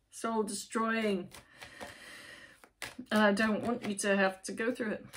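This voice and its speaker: A woman reading tarot cards to camera at home, rambling and chatty, often breaking off mid-sentence. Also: medium pitch. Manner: chatty, rambling, self-interrupting, emphatic. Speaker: tarot reader, channel host. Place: at home, lit by her computer.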